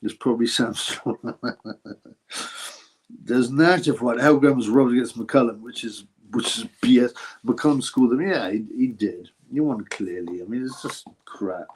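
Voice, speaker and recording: A man's voice: mid-range voice, moderate pace, a little mellow, husky. A British man with an ordinary mid-range voice hosts a casual live chat. He reads each viewer question aloud, then fires back a blunt, crude answer. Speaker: livestream host answering chat.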